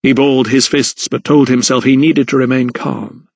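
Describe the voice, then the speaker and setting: A man narrating an audiobook in a steady, measured reading. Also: medium pitch, creaky, no echo. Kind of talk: scripted narration.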